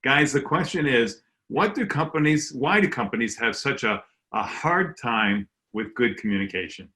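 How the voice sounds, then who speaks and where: Bright-voiced man hosting a panel. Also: medium pitch, lively intonation, moderate pace. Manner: chatty, reads out his notes and statistics. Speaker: panel host. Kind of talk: casual panel discussion on a video call.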